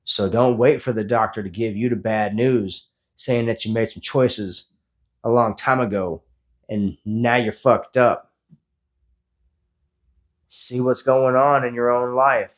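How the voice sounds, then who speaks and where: A man's voice: mid-range voice, steady tone, slow pace. A man in his forties giving a blunt, profane motivational talk after a workout, speaking as a fitness vlogger. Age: 40s.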